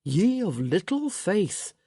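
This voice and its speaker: A woman's voice: medium pitch, big pitch swings, takes it slowly, mellow, slightly rough, no room sound, studio quality, exaggerated voice. A woman voicing a flippant young man teasing his sister in an audiobook. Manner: teasing and flip.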